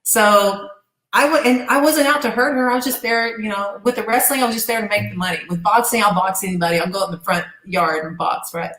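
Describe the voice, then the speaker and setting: A woman's voice: medium pitch, fairly quick, a bit bright, reverberant, low-quality recording. A middle-aged woman, a former gladiator guest, telling a casual and profane story in an interview.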